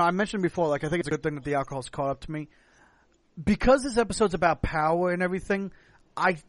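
A man's voice: fairly high pitch, dry recording. A man from the United States hosting a podcast, tipsy and long-winded, rambling in casual chat. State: tipsy from drinking. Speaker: podcast host.

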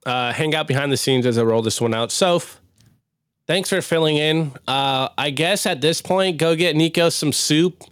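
Guy hosting a chill livestream show, smooth clear voice, dry close sound, easygoing hype. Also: fairly high pitch, normal speed, a bit bright, dry recording. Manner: upbeat, loose, hype sign-off. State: recovering from illness. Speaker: podcast host. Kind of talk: casual livestream chat.

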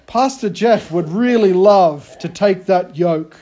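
A high-voiced pastor in his thirties, talking to his congregation like a friend. He tells stories against himself with animated energy. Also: slow, few pauses. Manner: self-deprecating, animated storytelling. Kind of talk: casual conversational sermon.

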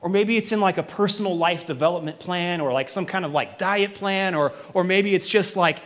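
Male pastor, fairly high voice, relaxed and jokey sermon storyteller who pokes fun at himself. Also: brisk, long reverb tail. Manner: casual, joking, self-deprecating storyteller; acts out his own past reactions. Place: church auditorium with a live congregation.

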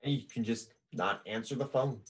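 A man in relaxed casual chat, low-key and dryly joking. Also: normal speed.

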